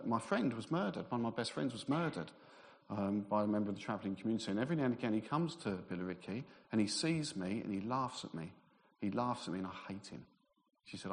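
Preaching man in a reverberant hall. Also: on the low side. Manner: conversational storytelling, acts out quoted voices. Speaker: minister. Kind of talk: sermon with personal stories. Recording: long reverb of a large hall.

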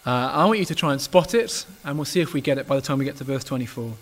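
A man's voice: mid-range voice, expressive, fast. A man preaching a sermon in a church, earnest and emphatic, now and then restarting a word.

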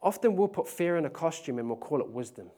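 A young man, preaching a testimony sermon. He tells the story in a slangy, animated way and laughs often. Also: fairly high pitch, fast.

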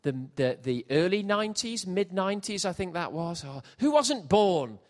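A middle-aged man preaching a sermon, jokey and animated, shifting from quiet asides to loud shouts. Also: high voice, normal speed. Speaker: pastor. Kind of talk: sermon with comic storytelling. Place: church hall with congregation.

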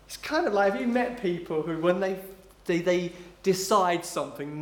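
A man preaching a sermon in an emphatic way, slowing down on key phrases and dropping low and quiet when he quotes. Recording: roomy echo.

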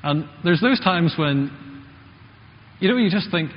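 Male preacher, chatty sermon delivery, mid-pitched voice, muffled recording in an echoing church hall. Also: lively intonation, measured pace. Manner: conversational, asks the congregation questions.

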